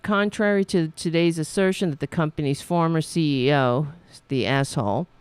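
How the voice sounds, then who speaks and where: Smooth-voiced woman reading news sarcastically. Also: sits low, a little mellow, no echo. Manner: sarcastic, scornful asides while reading; frequent self-corrections while reading. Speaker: political podcast host. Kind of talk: reading news aloud with commentary.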